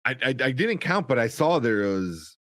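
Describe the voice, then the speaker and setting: A man co-hosting a podcast, recapping a TV episode in a rambling, casual way that turns animated when he gets excited. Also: medium pitch, moderate pace, no room sound, studio quality. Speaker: podcast co-host.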